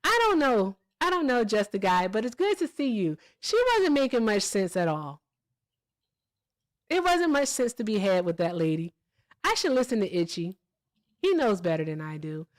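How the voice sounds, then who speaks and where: A woman hosting a casual live stream, blunt and emphatic. She talks at a middling pitch and swears freely. She keeps punctuating her points with "all right?" and "okay?". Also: very animated, moderate pace. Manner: blunt and profane. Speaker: livestream host. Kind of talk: casual livestream chat and commentary.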